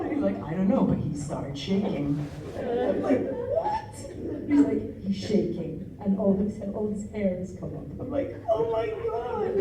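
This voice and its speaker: A woman singer telling a lively, animated story to a live audience between songs, acting out her own reactions with laughs and swearing. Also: roomy sound. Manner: animated, acts out quotes with big pitch jumps, laughs and swears. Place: music venue, live show. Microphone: fan's handheld recorder in the audience. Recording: distant audience recording with crowd noise. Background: crowd murmur and laughter.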